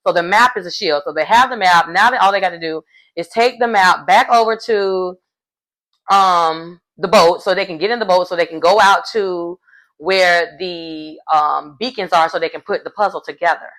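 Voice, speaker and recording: A woman, recapping a reality show in a casual, animated way and laughing often. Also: fairly low pitch, moderate pace.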